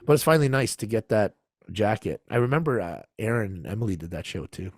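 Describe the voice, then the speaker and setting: A man's voice: fairly low pitch, fast, dry recording, studio quality. Laid-back man telling a story. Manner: animated, acts out quoted voices, laughs often. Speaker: podcast guest. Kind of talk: casual storytelling.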